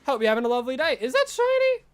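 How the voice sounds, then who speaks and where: A game streamer rambling jokily during a live stream and bursting into excited shouts at lucky finds. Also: sits high, racing.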